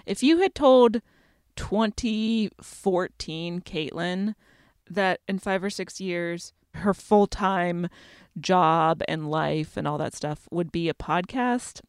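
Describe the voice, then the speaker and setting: A woman co-hosting a casual podcast from a home closet, self-deprecating and quick to laugh. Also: on the low side, lively intonation, clean tone, no room sound, studio quality. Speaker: podcast co-host. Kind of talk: casual chat.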